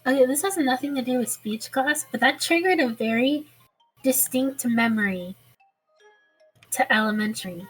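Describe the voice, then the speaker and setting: A young woman with a bright, high-pitched voice rambles through a story, swearing and laughing as she goes. Light music plays faintly behind her. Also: moderate pace, husky, poor audio. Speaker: podcast co-host. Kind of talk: casual chat, storytelling.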